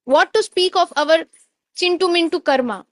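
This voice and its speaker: A woman giving a devotional storytelling talk, animated and digressive, sometimes stopping to search for a word. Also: very high-pitched, moderate pace, no room sound, studio quality.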